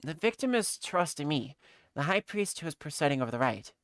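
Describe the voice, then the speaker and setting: A woman voicing an earnest young female investigator in a fan voice-over of a game, briskly explaining. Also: deep voice, sing-song, dry recording, studio quality, voice pushed down.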